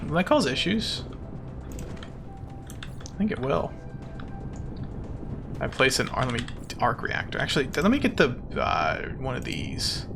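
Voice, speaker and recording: A man's voice: mid-range voice, huge pitch swings, measured pace, creaky, long pauses, over music. A man streaming a game as a VTuber, chatting casually with his viewers in a playful, self-mocking, jokey way.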